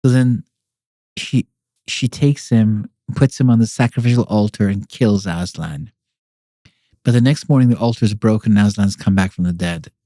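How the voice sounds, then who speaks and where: Male guest with a warm, relaxed voice and a dry sound; talks loosely, with stops and restarts. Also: lowish voice, normal speed, dry recording. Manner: rambling, with many fillers and repeated restarts. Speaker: podcast guest. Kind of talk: casual explanatory conversation.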